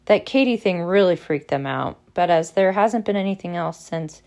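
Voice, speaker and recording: A woman's voice: on the low side, expressive, moderate pace, a little mellow. A woman doing an eager gossipy schoolgirl. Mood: gloomy.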